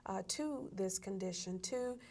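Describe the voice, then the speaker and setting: A woman's voice: mid-range voice, expressive, a little slow, darkish tone. A woman hosting an interview show, chatting casually and affirming her guest with frequent murmurs of agreement. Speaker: talk show host.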